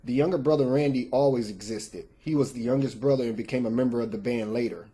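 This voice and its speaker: A man's voice: mid-range voice, fast, mellow. A man hosting a casual vlog, opinionated and speaking directly to his viewers. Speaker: channel host.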